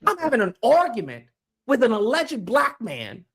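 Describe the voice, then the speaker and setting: A man hosting a livestream call-in, shouting profane, angry rants at a caller. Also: extremely high pitch, huge pitch swings, moderate pace, gravelly, breathy edge. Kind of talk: heated call-in debate.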